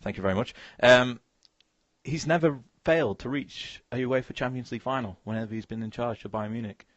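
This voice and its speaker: A man's voice: mid-range voice, fairly bright tone, no echo, muffled recording. A man hosting a casual football chat, stumbling over words and putting questions to his co-host. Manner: halting, restarts words, asks questions. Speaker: podcast host.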